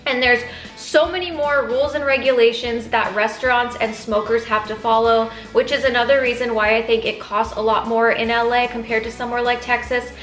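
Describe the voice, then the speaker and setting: A young adult woman hosting a food review vlog, talking with enthusiasm and pausing to taste. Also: on the high side, fairly even intonation, fairly bright tone, roomy sound, faint music behind. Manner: enthusiastic, tasting food between lines. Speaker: food vlogger.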